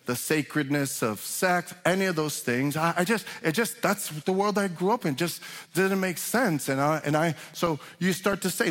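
A man's voice: high-pitched, normal speed, fairly bright tone. A man preaching a sermon as pastor, talking conversationally with frequent restarts and rising in emphasis on key points. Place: church sanctuary. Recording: long hall reverb.

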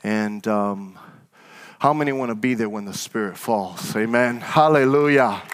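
A man preaching a sermon as pastor, telling stories and calling on the congregation for an amen, at times rising into loud, fervent exhortation. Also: a little slow. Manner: fervent preacher with call-and-response; rises to loud, high exhortation.

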